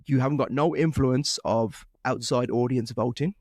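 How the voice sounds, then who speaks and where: A man's voice: medium pitch, normal speed, darkish tone. A British man hosting a podcast, chatting with enthusiasm, laughing often and acting out quotes. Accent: British English. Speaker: podcast host. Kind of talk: casual interview chat.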